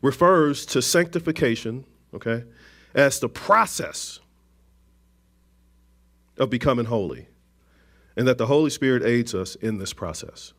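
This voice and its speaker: A man preaching a conversational sermon, with frequent restarts, asides and gentle jokes to the congregation. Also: mid-range voice, lively intonation, measured pace, long pauses.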